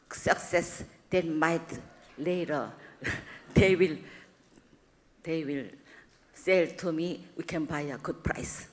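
A middle-aged woman with a Korean accent, a university president giving a church testimony in halting, simple English with frequent restarts and an animated, expressive delivery. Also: lowish voice. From South Korea. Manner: animated and expressive, rising when emphatic.

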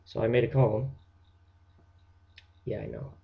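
A teenage boy rambling through a jokey comic rant, dropping into hushed whispered asides. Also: mid-range voice, steady tone, unhurried, vocal fry, muffled recording. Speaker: vlogger.

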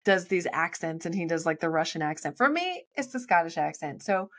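A woman's voice: fairly low pitch, very animated, brisk, fairly bright tone. Bubbly enthusiastic woman co-host. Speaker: podcast co-host. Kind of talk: casual chat.

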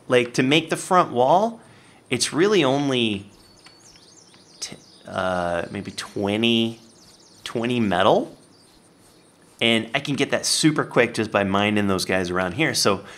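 A man giving playful, animated let's-play commentary, talking to the game and his viewers and jumping up to excited yelps. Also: measured pace. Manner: jumps to high excited yelps. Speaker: gaming YouTuber.

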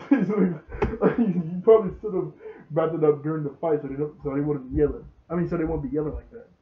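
With a fairly high pitch and a brisk delivery, this young show reviewer rambles casually through an episode recap. He laughs often while voicing the characters' lines, and the sound quality is tinny and phone-like.

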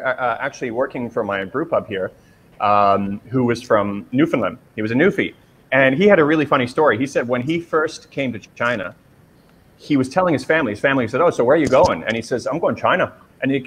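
A man hosts a casual chat, talking quickly and telling stories with ease. A faint hiss sits under his voice. He grew up in Canada after an early childhood in England. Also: mid-range voice, fairly bright tone. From born in England, raised in Canada. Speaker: host.

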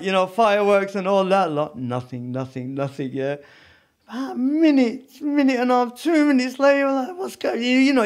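A man with a high voice tells his story as a podcast guest. He talks in an animated, casual way and keeps checking in with his listener. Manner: animated, peppered with "you know what I mean". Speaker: podcast guest, former prisoner.

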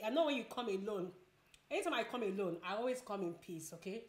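A woman's voice: mid-range voice, expressive, quick pace, a bit bright, slight background noise. A woman from Nigeria chatting casually in a home vlog while eating, repeating words for emphasis. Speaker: vlogger. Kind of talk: casual mukbang vlog chat. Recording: echoey room.

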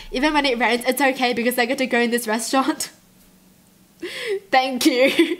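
High-voiced gushing woman vlogger. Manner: gushing, emotional, giggly. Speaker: YouTube reaction vlogger. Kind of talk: casual reaction commentary.

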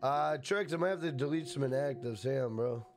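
A man's voice: medium pitch, moderate pace, soft background music. A man casually live-streaming a game, greeting chatters by name and swearing freely.

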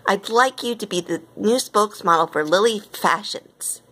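Poised female boss, gracious, measured, storybook, woman voicing her. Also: mid-range voice, fairly bright tone, slightly rough.

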